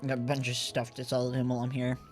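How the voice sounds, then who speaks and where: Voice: mid-range voice, monotone, fast talker, faint music behind. A game streamer with a Texan accent, swearing and joking sarcastically while playing. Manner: profane, sarcastic, laughing asides. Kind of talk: casual gameplay commentary.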